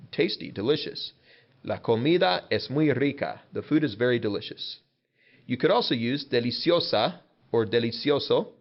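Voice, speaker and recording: Man teaching vocabulary, slightly muffled. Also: mid-range voice. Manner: patient, repeats words slowly and explains casually. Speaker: Spanish teacher. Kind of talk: classroom vocabulary lesson.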